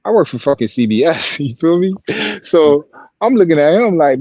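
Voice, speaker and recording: Profane, animated man telling stories. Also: fairly high pitch, moderate pace, dry recording, lo-fi sound. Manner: profane, animated storytelling with acted quotes. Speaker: podcast co-host and sideline broadcaster. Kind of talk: casual chat, storytelling.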